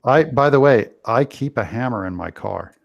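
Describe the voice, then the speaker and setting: A man's voice: medium pitch, lively intonation, normal speed, gravelly, no echo, muffled recording. A man chatting casually on a live stream, joking and rambling with frequent restarts. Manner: joking, rambling, self-interrupting.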